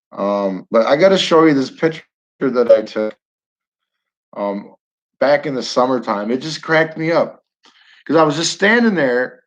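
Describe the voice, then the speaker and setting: A man from Northern New York chatting casually to his viewers, rambling and chuckling as he tells a story. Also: mid-range voice. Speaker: live stream host. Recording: dull lo-fi audio.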